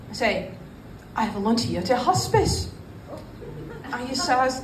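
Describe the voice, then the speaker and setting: Slow dry Russian-accented woman comic. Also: a little high, expressive, noisy background. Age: 40s. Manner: dry, unhurried delivery with pauses. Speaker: stand-up comedian. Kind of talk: stand-up set. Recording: echoey room, voice a bit far from the mic.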